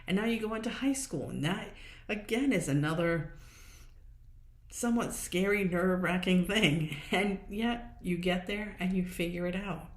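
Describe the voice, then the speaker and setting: A woman's voice: lowish voice, moderate pace, roomy sound. A woman hosting a solo podcast, talking in a casual, encouraging way and acting out little inner voices as she goes. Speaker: podcast host. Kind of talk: motivational solo podcast talk.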